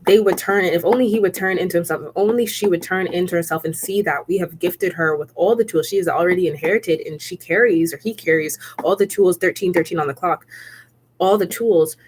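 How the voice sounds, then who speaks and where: A woman's voice: fairly low pitch, fairly quick, slight background noise. A woman giving a casual spiritual tarot reading. She talks in a chatty, repetitive way, keeps checking in with the listener and laughs often. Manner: laughs often while speaking. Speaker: tarot reader.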